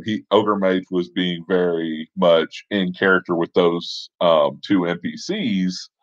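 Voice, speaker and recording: A man with a very low voice recounts a tabletop adventure in a loose, conversational way, trailing off into asides. The sound is dry and a bit dull, with no room around him. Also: dry recording. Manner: relaxed, conversational, with fillers and asides. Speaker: storyteller. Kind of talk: casual spoken storytelling.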